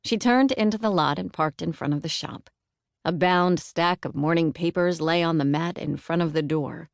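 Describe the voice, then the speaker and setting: A woman narrating a novel as an audiobook in an even, measured manner. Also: on the low side, no echo, clean studio sound. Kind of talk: scripted narration.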